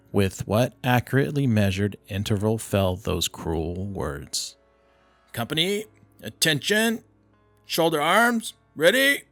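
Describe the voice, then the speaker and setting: A man narrating a classic short story as an audiobook, reading in a steady, measured way. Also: gravelly, no room sound. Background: low ambient music.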